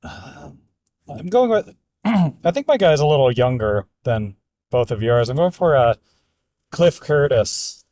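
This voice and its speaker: Relaxed man giving halting movie picks. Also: mid-range voice, no room sound. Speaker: podcast guest. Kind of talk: casual chat.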